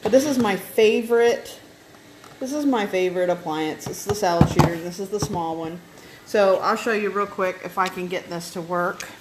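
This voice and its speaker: A woman's voice: medium pitch, moderate pace, noisy background. A woman casually showing off her kitchen appliances at home, chatting and checking in with her viewers as she goes. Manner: chatty, keeps checking in with "okay?". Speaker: home cook vlogger.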